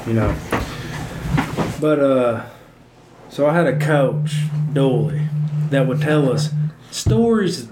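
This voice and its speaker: A man's voice: medium pitch, animated, slow pace, long pauses. A man in casual chat, telling stories in a slangy, laid-back way. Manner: laid-back storyteller, slangy, imitates his old coach. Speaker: podcast co-host telling stories. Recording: echoey room with faint noise.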